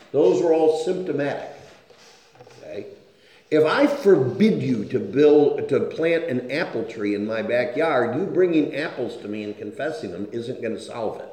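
A man's voice: mid-range voice, a little mellow. A man preaching a sermon in an earnest tone, often stopping to ask his listeners "okay?". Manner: earnest, keeps asking "okay?" to check on listeners. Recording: very echoey room.

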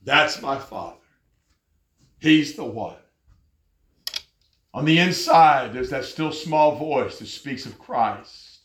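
A man preaching a fervent sermon, telling stories and rising to loud exclamations. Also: medium pitch, lively intonation, slow, long pauses, roomy sound.

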